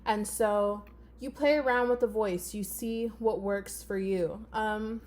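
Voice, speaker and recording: A woman speaks in a loose, conversational teaching voice, pitched in an ordinary middle range. She talks straight to her students at home, encouraging them and pausing often on "um" as she explains. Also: fairly even intonation, a little mellow. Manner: chatty and encouraging, with frequent "um" fillers. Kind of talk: casual video lesson to students at home.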